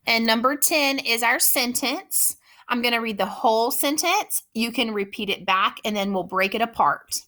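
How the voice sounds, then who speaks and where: A woman teacher giving a spelling dictation lesson, speaking slowly and repeating each word with patient care. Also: fairly high pitch, sharp tone. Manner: slow, patient, repeats words carefully.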